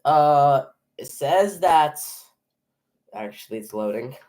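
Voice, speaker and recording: A young man giving a live play-by-play reaction as a fan, nervous and excitable, often stumbling and restarting his sentences. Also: on the high side, slow.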